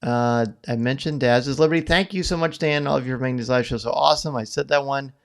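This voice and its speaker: Earnest, gravelly-voiced man hosting live. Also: medium pitch. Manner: earnest, halting, choked up at times. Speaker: podcast host. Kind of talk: emotional live-stream farewell talk.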